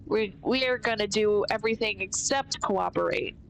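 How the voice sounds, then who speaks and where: A woman's voice: medium pitch, moderate pace, creaky, a little hiss or hum, low-quality recording. A woman casually commentating a video game playthrough, thinking aloud with a stuffy nose. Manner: thinks aloud, rambling with fillers. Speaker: gaming streamer.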